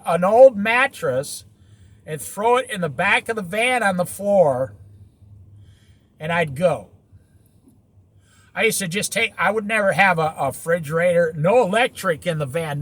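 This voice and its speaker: A man's voice: high voice, fairly bright tone, no echo. A man giving an opinionated, preachy monologue about living simply in a van, repeating points and firing rhetorical questions. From United States. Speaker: van-life vlogger.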